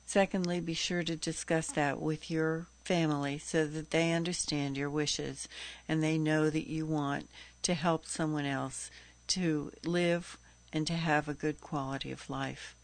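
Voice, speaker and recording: A woman hosting a health radio show, speaking in an earnest, steady, informative way. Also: sits low, measured pace, no room sound. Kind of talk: scripted radio talk.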